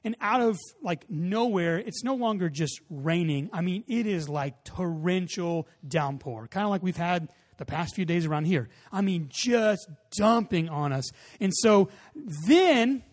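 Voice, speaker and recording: Man, pastor, lively sermon storytelling, high voice, echoing church hall. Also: measured pace. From Texas. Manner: animated storytelling, acts out voices. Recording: long hall reverb.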